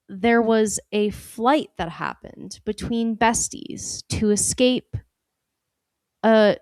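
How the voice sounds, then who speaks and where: A woman's voice: mid-range voice, no room sound, clean studio sound. A woman co-hosting a podcast, telling stories casually, laughing often and acting out quotes in playful voices. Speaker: podcast co-host. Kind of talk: casual chat, storytelling. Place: podcast studio.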